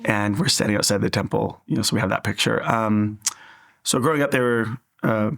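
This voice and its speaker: Earnest low-voiced man telling his story. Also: brisk, vocal fry, fairly bright tone. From Southern California. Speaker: interview guest. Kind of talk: personal faith testimony.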